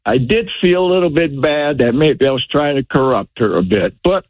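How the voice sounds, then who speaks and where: A man's voice: medium pitch, animated, normal speed, no room sound. A man calling in to a radio show, rambling and hesitant. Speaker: caller. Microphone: phone. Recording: tinny phone line.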